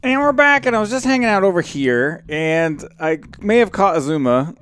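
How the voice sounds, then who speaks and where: A man hosting a casual game commentary, chatty and excitable and quick to cry out in surprise. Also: high-pitched, clear, resonant tone, no echo, faint music behind. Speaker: let's play host.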